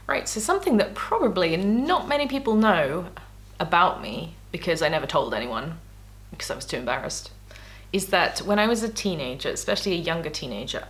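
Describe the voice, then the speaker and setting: A woman's voice: mid-range voice, a bit bright. A woman vlogging casually as she reads her old diaries aloud, candid and self-mocking, laughing often. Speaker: YouTuber.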